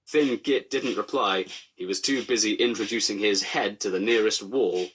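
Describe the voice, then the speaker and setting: A man giving dry, deadpan comic storybook narration. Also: on the low side, moderate pace, husky.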